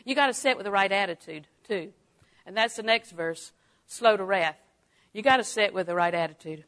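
A woman's voice: mid-range voice, a little fast. Folksy woman teaching Bible lesson. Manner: folksy, swings from hushed to exclaiming.

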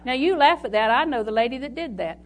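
A woman preaches a sermon in a folksy way, telling homely stories and reading scripture aloud. Her voice is high-pitched and expressive, and she talks fast; there is a little hiss or hum in the recording.

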